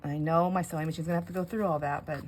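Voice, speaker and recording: A woman's voice: sits low, fairly even intonation, racing, darkish tone, a little hiss or hum. A middle-aged woman vlogging casually while she crafts, rambling and talking to herself with many fillers. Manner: rambling, self-talk with fillers and laughs.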